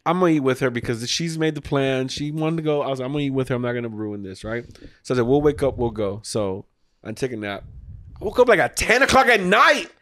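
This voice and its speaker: A man's voice: medium pitch, fast talker, dry recording. A man hosting a podcast, telling a long casual story full of restarts and swearing, acting out his own quoted lines. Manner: rambling, acts out quotes, swears freely. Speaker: podcast host.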